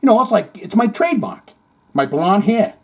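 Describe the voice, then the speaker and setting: A high-voiced man with a husky, mellow tone hosts a comedic news podcast. His delivery swings all over the place as he reads stories aloud and tosses in playful, jokey asides. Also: big pitch swings, normal speed. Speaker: podcast host.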